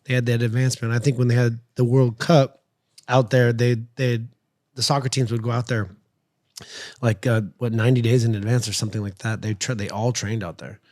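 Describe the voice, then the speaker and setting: A man who is a fighter, co-hosting a studio podcast and telling an animated, profane story in casual chat. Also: medium pitch, fairly quick, no room sound.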